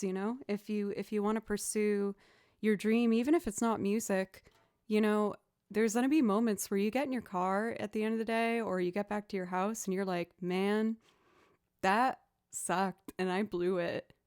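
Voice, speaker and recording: A woman's voice: medium pitch, fairly even intonation, normal speed, a little mellow, clear, resonant tone, no room sound, studio quality. A young woman chatting casually on a live stream, self-deprecating and encouraging as she talks viewers through her practice. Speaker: musician streamer.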